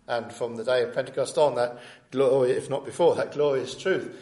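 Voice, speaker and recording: A man preaching an earnest sermon, leaning on emphatic words and rhetorical questions. His voice sits at an ordinary male pitch. The sound carries a roomy echo, as if in a church hall. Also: fairly even intonation, moderate pace, warm tone. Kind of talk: sermon with scripture reading.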